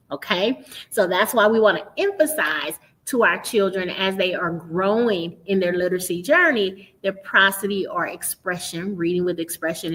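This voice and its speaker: A woman's voice: medium pitch, a bit bright, poor audio. Woman explaining reading skills to parents. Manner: explanatory, checks in with frequent "right?" and "okay?". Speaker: literacy educator and podcast host. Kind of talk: instructional talk to parents.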